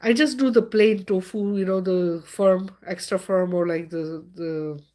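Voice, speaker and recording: A woman's voice: lowish voice, steady tone, unhurried, mellow. A middle-aged woman hosting a live stream in a casual, chatty way, with many fillers and frequent laughter.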